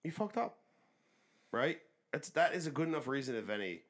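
A man's voice: medium pitch, sing-song, fairly quick. A man co-hosting a podcast, arguing emphatically in casual, profane chat. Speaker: podcast co-host.

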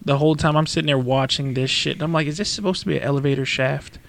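A man's voice: fairly high pitch, fast, creaky, fairly bright tone, no room sound. A man co-hosting a podcast, chatting casually and profanely about a movie, often laughing. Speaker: podcast co-host. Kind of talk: casual movie-review chat.

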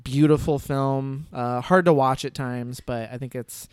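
A man's voice: mid-range voice, fairly even intonation, a little slow, smooth, no echo, studio quality. A man hosting a casual film-ranking chat, talking in a rambling way full of fillers.

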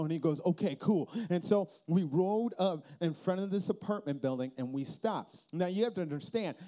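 A man with a high voice tells a sermon story from the stage, acting out each exchange. He swings from hushed low tones to excited loud bursts. He is from Minnesota and sounds middle-aged. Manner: animated, acts out dialogue with sudden jumps in pitch and loudness.

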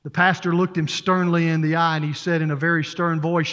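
A man's voice: a little high, level tone, brisk, few pauses, a bit bright. A man preaching a sermon as interim pastor, earnest and storytelling, with emphatic repetition. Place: church sanctuary. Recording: reverberant church hall.

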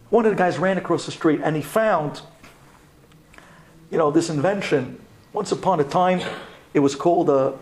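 Man, middle-aged rabbi, storytelling sermon, fairly high voice, dramatic delivery. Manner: dramatic, swinging from hushed to loud.

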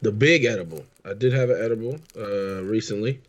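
A man co-hosting a casual podcast, relaxed and joking, with frequent stammered restarts. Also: fairly low pitch, a little fast. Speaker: podcast co-host.

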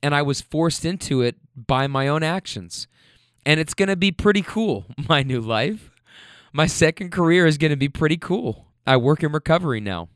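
A man voicing a grateful woman in recovery, heartfelt and warm as he retells her words. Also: on the high side, expressive, moderate pace, no room sound, studio quality, close to an everyday voice. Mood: proud.

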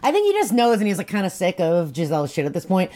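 A woman's voice: lowish voice, fast. A woman co-hosting a casual chat, swearing freely as she recaps a story. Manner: profane, animated, acts out characters' lines. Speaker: podcast co-host.

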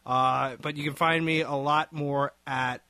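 Brief: male co-host, bright slightly high voice, dry close sound, joking and halting. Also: steady tone, no echo. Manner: quick, joking, hesitant with fillers. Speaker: podcast co-host. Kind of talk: casual podcast chat.

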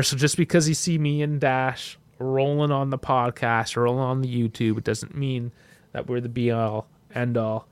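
A man co-hosting a casual podcast, talking in an animated way that jumps loud and high when he gets excited. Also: dry recording. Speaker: podcast co-host.

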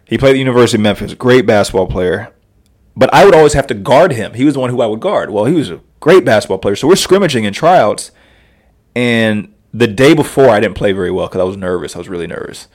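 A man in his thirties, a podcast guest telling stories in an animated way and laughing often. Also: on the low side, fast. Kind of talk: casual storytelling.

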